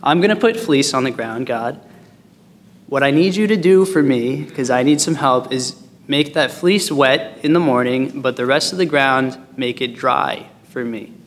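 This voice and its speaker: A timid Gideon pleading in a hushed voice, as a man puts him on. The sound carries a long hall reverb, and the pitch sits lower than the speaker's usual voice. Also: normal speed, slight background noise, lightly acted.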